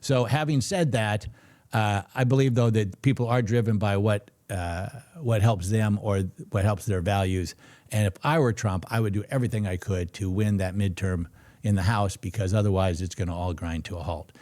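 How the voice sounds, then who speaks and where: A man's voice: on the low side, normal speed, darkish tone. A middle-aged man hosting a casual live trading stream, chatty and jokey, reading viewer comments aloud. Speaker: trading show host.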